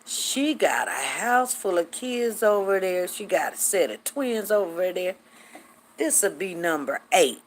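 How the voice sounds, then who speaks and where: A middle-aged woman hosting a casual live chat, telling stories in an animated, chatty way and acting out what people said. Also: fairly low pitch, slow, a little hiss or hum. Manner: chatty, animated, acts out quotes, drawls. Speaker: host greeting live viewers.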